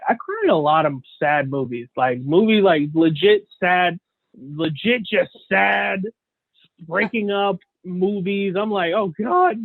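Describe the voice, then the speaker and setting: A man's voice: fairly high pitch, no echo. Earnest man on a tinny, dry line. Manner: earnest, rambling, slangy. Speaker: podcast co-host. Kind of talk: casual chat. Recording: dry, phone-like sound.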